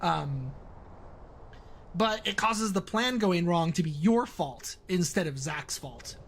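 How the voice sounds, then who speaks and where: A man's voice: sits high, expressive, slow pace, a bit bright, a little hiss or hum. A man streaming the development of his own game, rambling through casual explanations of how it plays. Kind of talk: casual livestream commentary.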